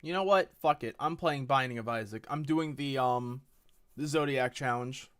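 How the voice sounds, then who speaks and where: A woman's voice: a bass voice, moderate pace. A woman streaming a game live, talking bluntly to her chat and swearing heavily in frustration.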